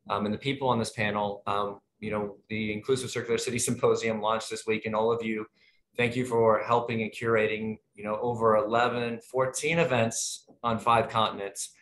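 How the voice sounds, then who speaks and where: A man's voice: lowish voice, a bit bright, a little hiss or hum. A man moderating an online panel, chatty and friendly, rambling with lots of fillers over a video call. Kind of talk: casual webinar hosting.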